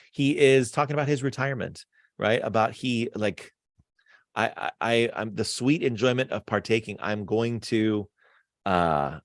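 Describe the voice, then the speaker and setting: A male history teacher giving a casual online quiz review, chatty and animated, with lots of fillers and asides. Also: medium pitch, no echo, clean studio sound.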